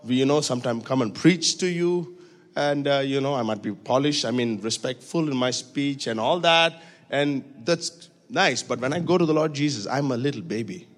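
A man preaching a sermon in a church, swinging from hushed, intimate passages to loud, high-pitched exhortation. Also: moderate pace. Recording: reverberant church hall.

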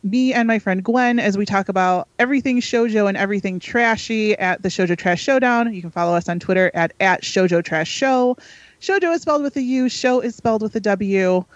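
A woman's voice: mid-range voice, dry recording, dull audio. A woman guest on a podcast, chatting casually and upbeat about where to find her online.

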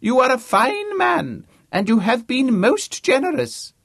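A man's voice: extremely high pitch, very animated, measured pace, vocal fry, fairly bright tone, no room sound, clean studio sound, voice pushed up, heavily acted. A man voicing a very old, deaf, blustering academic who bellows his lines pompously. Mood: bellowing. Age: older. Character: old deaf blustering male Vice-Chancellor impostor.

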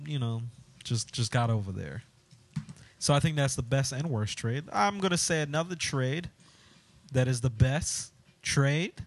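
On a dry recording, a man with a mid-range voice co-hosts a casual sports talk podcast. He's upbeat and laughs often as he shifts from one segment to the next.

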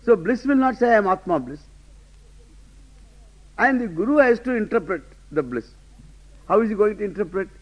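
Emphatic high-voiced man lecturing. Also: expressive, fairly quick. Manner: rhetorical questions, emphatic, laughing asides. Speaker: Vedanta teacher. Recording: dull lo-fi lecture recording.

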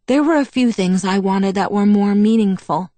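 A woman's voice: medium pitch, moderate pace, dark tone, no room sound, natural voice. A woman voicing a proud, bitter young woman vampire who tells her past in a wistful, self-mocking way, in an audiobook. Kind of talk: audiobook character reading.

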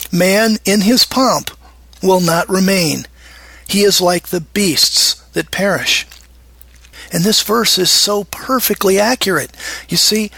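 A man's voice: sits high, creaky, a bit bright, slightly rough, dry recording. A middle-aged man teaching from the Bible in a sermon, emphatic, acting out prayers in a raised, pleading voice.

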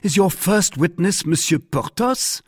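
A man's voice: mid-range voice, big pitch swings, a little slow, darkish tone, slightly rough, no echo, clean studio sound, pitched above the performer's own voice. A man voicing a polite, bold young male swordsman in an audiobook, talking earnestly and formally. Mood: astonished.

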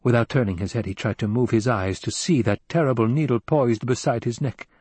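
A man reading a story aloud in a measured, unhurried narration. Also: medium pitch, a little mellow, husky, no room sound. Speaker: audiobook narrator. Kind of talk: scripted narration.

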